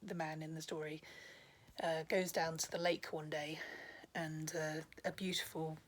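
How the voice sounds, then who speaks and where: A woman retells old folk tales in a relaxed vlog. Her voice sits fairly low and she talks chattily, wandering into asides and pausing with ums. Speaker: storyteller. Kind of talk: casual storytelling vlog.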